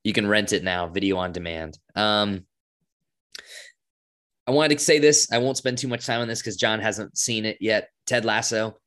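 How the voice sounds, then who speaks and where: A man's voice: lowish voice, moderate pace, fairly bright tone. A young man co-hosting a podcast, chatting casually and enthusiastically with lots of fillers. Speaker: podcast co-host. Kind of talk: casual chat.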